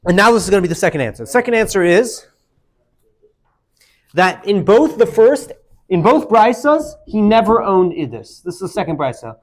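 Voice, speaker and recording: High-voiced man teaching a lively class. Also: moderate pace. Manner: animated, calls on students by name and presses them with questions. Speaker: Talmud teacher. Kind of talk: classroom Talmud lesson. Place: classroom with students.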